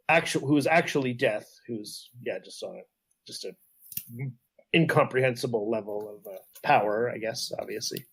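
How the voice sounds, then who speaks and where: A Canadian man co-hosting a casual podcast, explaining things in an enthusiastic, rambling way full of fillers. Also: mid-range voice. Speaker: podcast co-host. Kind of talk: casual chat.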